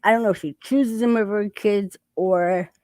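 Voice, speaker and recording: A woman's voice: mid-range voice, moderate pace, darkish tone, no echo. A woman hosting a casual chat, talking while eating and laughing often. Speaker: channel host.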